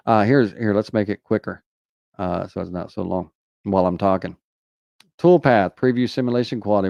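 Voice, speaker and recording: A man with a Southern US accent hosts a live question-and-answer tutorial, answering viewer questions casually and using lots of fillers like "uh" and "you know." His voice is low, creaky, darkish and smooth, in a dry recording.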